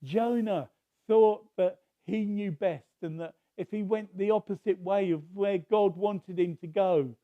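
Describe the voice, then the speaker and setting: A man's voice: high voice, dry recording, phone-quality sound. A man preaching a sermon, telling a story in a conversational way with restarts.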